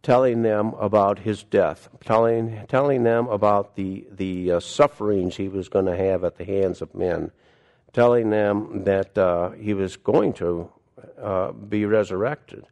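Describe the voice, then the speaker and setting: A man preaching a sermon, reading scripture aloud and then explaining it in an earnest, deliberate way, often asking his listeners rhetorical questions. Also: lowish voice, fairly even intonation, darkish tone. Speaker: pastor.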